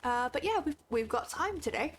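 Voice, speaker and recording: A woman's voice: high voice, animated, normal speed, slight background noise. A woman from Australia chatting casually on a gaming stream, tired and sick, chatty and self-deprecating.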